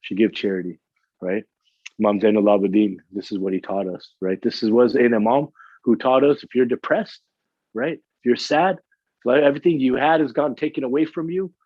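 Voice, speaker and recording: A man's voice: medium pitch, a little fast, dry recording. A man giving an emotional religious lecture at a mourning gathering, repeating his phrases and building in intensity. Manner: emotional, repetitive and rising in intensity. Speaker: majlis speaker. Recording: dull lo-fi sound.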